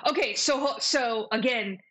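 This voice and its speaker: A woman running a tabletop game, chatting casually between scenes in a slangy, animated way and laughing often. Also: on the high side, moderate pace, low-quality recording. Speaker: game master. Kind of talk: casual out-of-character chat.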